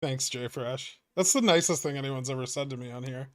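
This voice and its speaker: A man hosts a casual livestream and reads viewer messages aloud. He answers them with irreverent jokes and swears freely. His voice sits at a middling pitch, and the sound is dry with no room echo. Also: a little fast. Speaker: livestream host. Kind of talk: casual livestream chat reading.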